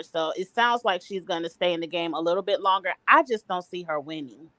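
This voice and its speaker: A woman's voice: lowish voice, normal speed, few pauses, sharp tone, no echo. A woman hosting a casual recap chat over a video call, opinionated and blunt. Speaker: host.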